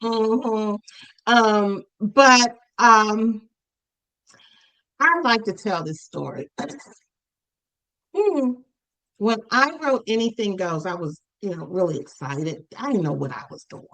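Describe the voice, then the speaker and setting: A woman author chatting as a podcast guest, telling animated stories and acting out her parents' voices. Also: medium pitch, takes it slowly, pauses often, rough recording. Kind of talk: casual podcast conversation.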